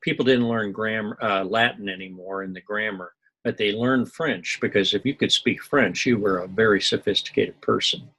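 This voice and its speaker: A man's voice: lowish voice, normal speed, bright, forceful tone, husky, rough recording. A middle-aged man from Missouri giving a loose, digressive recorded lecture, full of asides and small jokes. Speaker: university instructor.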